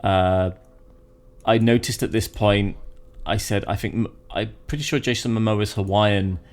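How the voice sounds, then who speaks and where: A man from Britain co-hosting a podcast in casual chat, animated and rambling, often restarting his sentences. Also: lowish voice, normal speed. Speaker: podcast co-host.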